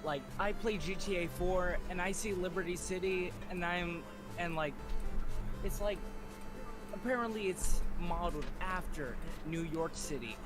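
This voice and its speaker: A man's voice: sits high, measured pace, over music. Rambling man full of likes. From Washington State. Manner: rambling, many fillers, swears. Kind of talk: casual chat.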